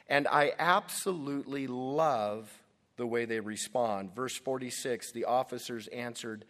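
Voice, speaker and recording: A man preaching a sermon as pastor, delivering emphatic, deliberate lines with dramatic stresses. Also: medium pitch, a bit bright, long reverb tail.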